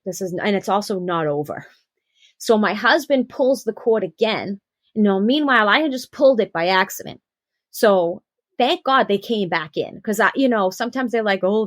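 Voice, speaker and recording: A young adult woman telling her personal birth story on a podcast, animated and acting out the quotes. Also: medium pitch, no room sound. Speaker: podcast guest.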